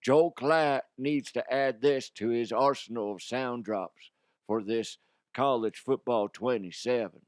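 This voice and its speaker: A man's voice: medium pitch, a little slow, dry recording, clean studio sound. A man hosting a comedic sports talk show, rambling and profane, slipping into mock impressions.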